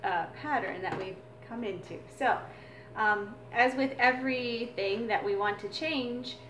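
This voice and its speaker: A woman's voice: on the high side, measured pace, fairly bright tone, a little hiss or hum. A woman teaching a drumming exercise as a mother, explaining in an earnest, reflective way. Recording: echoey room with drums.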